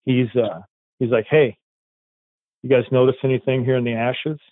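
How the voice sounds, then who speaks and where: A police dog handler telling a story in a rambling, casual way, acting out quoted dialogue. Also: male voice, medium pitch, level tone, normal speed, no room sound. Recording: tinny phone-like line, dry.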